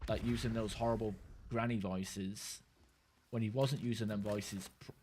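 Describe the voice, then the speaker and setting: A man's voice: lowish voice, steady tone, normal speed, a little mellow, slight background noise. A man giving casual commentary while playing a video game, rambling in stop-start bursts, swearing freely and chatting with viewers. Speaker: gaming streamer.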